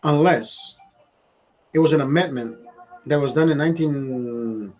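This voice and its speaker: A man's voice: on the high side, measured pace, darkish tone, low-quality recording. A man hosting a show who rants heatedly, swears constantly, and keeps restarting his sentences. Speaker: host. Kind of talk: casual profane rant.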